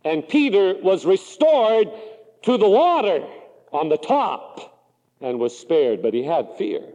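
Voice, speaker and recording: A man preaches a sermon in a high voice that rises and falls with dramatic, lively swings. The recording carries the long, ringing reverb of a church hall. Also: slow pace. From Pacific Northwest.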